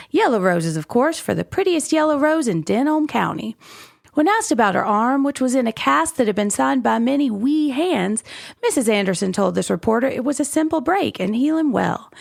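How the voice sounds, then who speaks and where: A woman's voice: fairly high pitch, creaky, full character voice. A woman voicing a chirpy small-town gossip columnist, reading aloud in a light put-on Texan accent.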